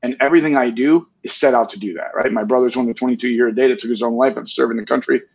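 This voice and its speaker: An earnest man in his forties talks candidly as an interview guest, often checking in with "right?". His voice is slightly husky. The recording is muffled and lo-fi. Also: mid-range voice, steady tone, very fast, a little mellow. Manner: earnest, tag questions with "right?".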